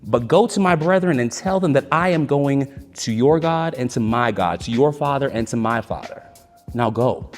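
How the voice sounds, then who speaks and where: A gentle, composed teacher figure speaks slowly and evenly, as a male storyteller puts him on. His voice rings out in a long-reverb hall. Soft music sits faintly behind him. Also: medium pitch, animated, close to an everyday voice. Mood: calm. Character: calm resurrected teacher, grown man, gentle.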